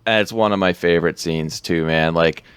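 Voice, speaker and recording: Low-voiced guy on a podcast, rambly movie recap, lots of laughs, super dry close sound. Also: clear, resonant tone, no room sound. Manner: rambling, laughs often, quick bursts. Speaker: podcast co-host recapping a film. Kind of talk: casual chat.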